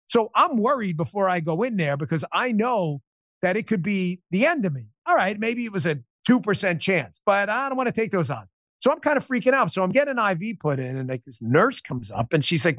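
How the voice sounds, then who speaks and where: Man, guest on interview show, high voice, dry close sound, animated, emphatic storytelling. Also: no echo. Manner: animated, emphatic, quick restarts. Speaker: podcast host and interview guest. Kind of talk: emotional personal storytelling.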